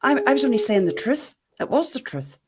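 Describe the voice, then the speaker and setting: A woman's voice: a little high, big pitch swings, a little fast, over a noisy crowd. A woman hosting a livestream, friendly and supportive in casual chat.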